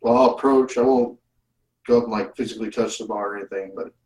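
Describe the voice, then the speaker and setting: Low male player, casual tabletop play, heard from a distance in an echoey room. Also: fairly even intonation, fast, a little mellow. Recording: distant, roomy mic.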